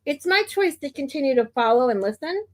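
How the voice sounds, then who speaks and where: A woman's voice: high-pitched, animated, a little fast, slight background noise. A woman streamer from the United States giving blunt, opinionated commentary in a casual ranting manner.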